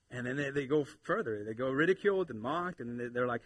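A man in his thirties preaching a sermon in church, animated and playful, swinging between loud exhortation and quiet asides. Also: mid-range voice, normal speed, no echo. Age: 30s. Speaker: pastor. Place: church sanctuary with congregation.

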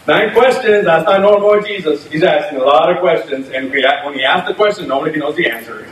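A man with a high voice gives a lively, chatty sermon, laughing at his own points. He is picked up from some distance in an echoey room with a faint hiss underneath. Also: fairly quick. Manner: animated, conversational preaching with laughs. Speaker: pastor.

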